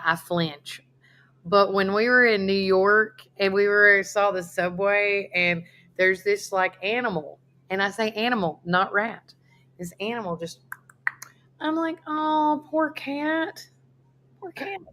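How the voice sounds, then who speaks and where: A woman's voice: medium pitch, steady tone, measured pace, pushed and bright. Chatty woman co-host. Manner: chatty storyteller, reads listener comments aloud. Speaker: radio co-host. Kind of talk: casual live-stream chat.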